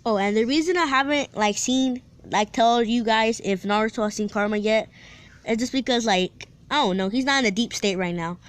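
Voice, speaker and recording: A woman's voice: on the high side, normal speed. A woman casually retelling her own fan-fiction story, rambling with frequent restarts and playful asides to her viewers.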